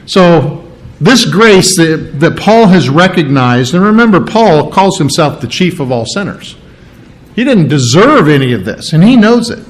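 A man's voice: fairly high pitch, big pitch swings, a little slow, rough recording. A man preaching an expository sermon, working through word meanings step by step and stressing the key words.

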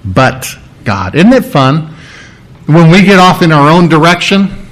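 This sermon with Bible reading comes from a man whose voice is a little high and whose pace is measured, captured on a low-quality recording. He's earnest and teacherly, unpacking scripture one word at a time and repeating important phrases for emphasis.

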